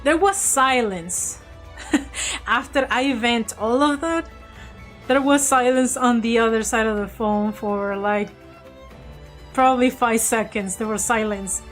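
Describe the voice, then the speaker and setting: A woman vlogger casually telling an animated story and laughing often. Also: fairly high pitch, slow, soft background music.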